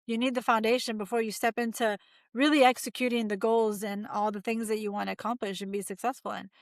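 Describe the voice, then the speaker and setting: A woman's voice: a little high, flat delivery, quick pace, dry recording. Upbeat woman in her forties. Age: 40s. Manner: upbeat, emphatic, motivational. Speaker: guest, mindset coach and author. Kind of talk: casual interview chat.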